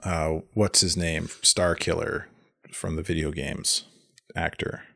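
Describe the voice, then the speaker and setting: A man co-hosting a casual movie podcast, talking in an animated way with many restarts. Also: rumbling low, slow, vocal fry. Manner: animated, restarts often, acts out quotes. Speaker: podcast co-host. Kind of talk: casual chat.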